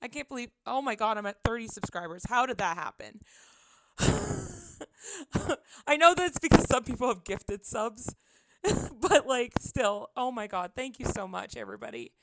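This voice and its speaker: A woman's voice: a little high, sing-song, moderate pace, long pauses, a little hiss or hum. Giggly young woman streaming from home. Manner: giggly, chatty, often breaks into laughter. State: tired voice. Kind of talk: casual live-stream chat. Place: her apartment. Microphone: desk microphone.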